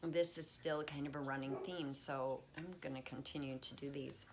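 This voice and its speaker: A woman's voice: rumbling low, fairly even intonation, moderate pace, background noise. A woman hosting a casual wellness talk from home, chatty and reassuring. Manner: chatty, reassuring, talks baby talk to her cat. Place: at home with pets.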